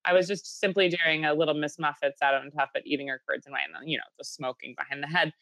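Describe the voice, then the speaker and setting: A woman co-hosting a podcast, chatting casually and trading deadpan, sarcastic jokes. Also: low voice, quick pace, no room sound. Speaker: podcast co-host. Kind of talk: casual comedic chat.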